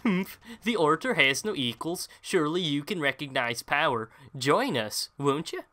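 A man's voice: a little high, lively intonation, normal speed, sharp tone, voice pushed up. A man voicing a proud, menacing giant male knight in a video game, with a northern Minnesotan accent and a haughty, scoffing manner. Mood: scornful.

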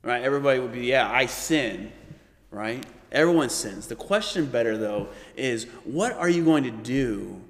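A man leading a Bible study, teaching with animated delivery and often checking in with "right?". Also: medium pitch, moderate pace, hardly any pauses, big-room sound. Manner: animated, acts out quoted voices, frequent "right?".

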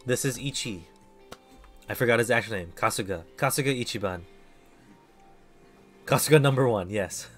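A male streamer gives casual, rambling commentary over his gameplay, often laughing at himself. His voice is mid-pitched and ordinary, with faint game music underneath. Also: normal speed, pauses often. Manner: rambling, self-deprecating.

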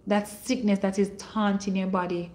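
A woman's voice: medium pitch, level tone. A woman running a ministry livestream, blessing viewers by name and declaring miracles. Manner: slow and warm, calling out viewers' names and blessing them; preachy, prophetic declarations. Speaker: online minister hosting a livestream. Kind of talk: livestream greetings and prayer.

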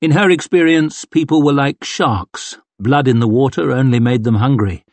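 A man narrating a fantasy audiobook in a measured, dramatic storytelling manner. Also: medium pitch, dry recording. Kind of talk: scripted narration.

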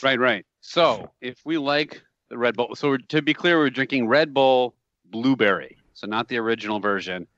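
A man's voice: mid-range voice, normal speed, fairly bright tone, no room sound, dull audio. A man co-hosting a casual podcast, joking crudely and laughing often. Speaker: podcast co-host. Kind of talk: casual chat.

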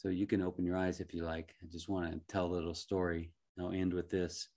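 Deep-voiced, gentle male life coach. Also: little pitch movement. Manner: gentle, reflective, chuckles often, halting restarts. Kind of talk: reflective motivational talk.

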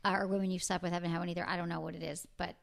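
A woman's voice: on the low side, little pitch movement, racing, vocal fry. A woman hosting a casual, frank chat, talking freely and laughing easily. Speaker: host.

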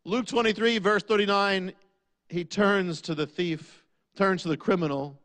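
A man preaching a sermon, asking rhetorical questions and dropping low on key lines. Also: a little slow, a bit bright.

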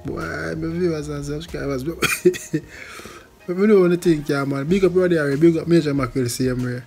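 Amused husky Jamaican vlogger. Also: male voice, on the high side, fairly quick, darkish tone, soft background music. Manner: laughing, amused. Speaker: channel host. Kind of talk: casual commentary.

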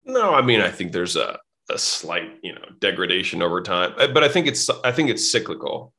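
A man's voice: deep voice, big pitch swings, a little fast, bright, forceful tone. A man guest on a podcast telling blunt, casual stories, swearing freely and acting out both sides of conversations. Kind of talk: casual storytelling.

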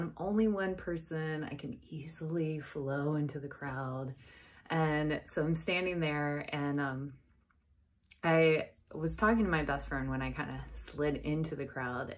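A woman hosting a podcast, telling a personal story in a casual, excitable way and acting out the conversations she had. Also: sits low. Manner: chatty, excitable, retells dialogue with many "I was like". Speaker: podcast host.

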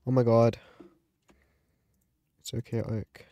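A man giving casual gameplay commentary as a YouTuber, chatty and excitable, gasping and yelping at the game. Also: medium pitch, slow, gravelly. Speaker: gaming YouTuber.

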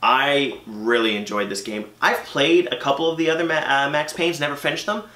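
A man's voice: medium pitch, normal speed, pushed and bright. A man hosting a casual video game collection vlog, chatty and opinionated, with frequent ums and uhs. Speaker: gaming channel host. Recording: echoey room.

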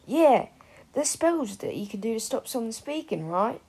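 A woman voicing a bookish, dry-witted teenage schoolboy in an audiobook, with a husky voice. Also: on the high side, big pitch swings, normal speed, darkish tone, pitched above the performer's own voice, exaggerated voice. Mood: excited. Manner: dry, offhand.

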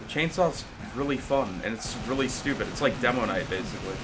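Excitable swearing young gamer guy. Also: mid-range voice, brisk, over music. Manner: excitable, swears a lot, bursts into yelling. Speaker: gaming commentator. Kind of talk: live gameplay commentary.

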